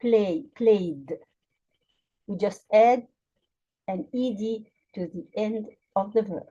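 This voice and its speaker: A woman teaching English grammar to learners, with an Arabic accent. She speaks slowly and deliberately, spelling out letters and repeating example words clearly. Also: mid-range voice, warm tone, highs cut off.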